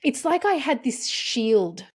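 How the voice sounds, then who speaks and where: Her voice high-pitched and breathy, moving at a slow pace, a female podcast host shares personal stories in relaxed conversation. She tells them openly, with emotion and lively animation.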